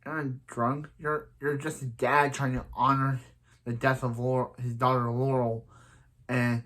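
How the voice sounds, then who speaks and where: A man talks through a TV episode in a loose, rambling recap, full of restarts and "he's like". When he quotes the characters, his voice jumps up now and then. His pitch sits in the middle of the male range. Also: little pitch movement, unhurried, fairly bright tone. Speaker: show reviewer.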